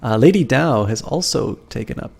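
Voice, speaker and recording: A man's voice: mid-range voice, lively intonation, moderate pace, creaky, a little mellow, slightly rough. A man streaming a game live, chatting to viewers with many ums and restarts while he plays. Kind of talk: casual live-stream commentary.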